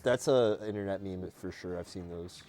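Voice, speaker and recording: A man's voice: sits low, normal speed, mellow, soft background music. An American man hosting a casual chat, joking and bantering with friends. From United States.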